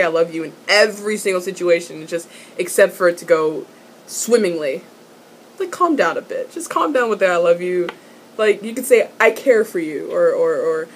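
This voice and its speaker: Giggly young woman, husky voice. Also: mid-range voice. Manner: excitable, swearing, giggly, trailing off and repeating words. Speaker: vlogger reviewing a TV episode. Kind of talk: casual fan recap.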